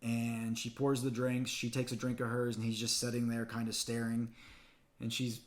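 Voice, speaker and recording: A man reviewing a movie in a casual spoken recap, retelling the plot in an excited, chatty way with quick restarts. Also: medium pitch.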